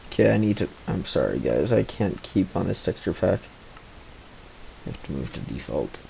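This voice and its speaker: A man's voice: deep voice, big pitch swings, moderate pace, vocal fry, dark tone, slight background noise, low-quality recording. A man giving live gameplay commentary on a cheap microphone, mumbling and grumbling to himself with frustrated asides. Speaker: gaming commentator. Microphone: cheap replacement microphone.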